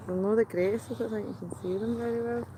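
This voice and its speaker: Quiet woman talking from off mic. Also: a little high, steady tone, quick pace, slight background noise, rough recording. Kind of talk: casual aside.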